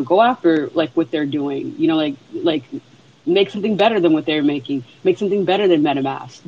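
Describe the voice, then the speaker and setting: A man with a fairly high voice talks earnestly in a live audio chat, rambling but emphatic. The audio is muffled, with a faint hiss behind it.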